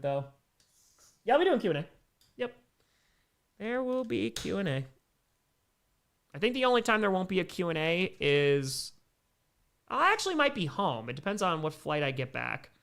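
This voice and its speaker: Young male livestream commentator, bright and forceful tone, relaxed chat mixed with excited calls. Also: fairly high pitch, gravelly. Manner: casual, answers viewer chat between plays, bursts of excitement on big plays. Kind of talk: live play-by-play and chat reactions.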